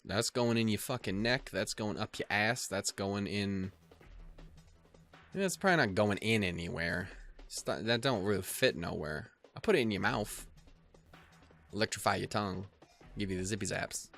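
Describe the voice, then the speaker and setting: A man's voice: lowish voice, moderate pace, vocal fry, a bit bright, faint music behind. A young man hosting a let's play, swearing and joking as he reads the game text aloud. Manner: crude, joking, swears a lot. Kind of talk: casual game commentary.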